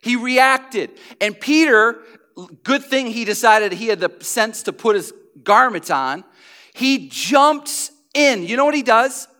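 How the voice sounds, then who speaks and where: A man preaching a sermon as pastor, telling stories in an animated, conversational way. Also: very high-pitched, slow pace.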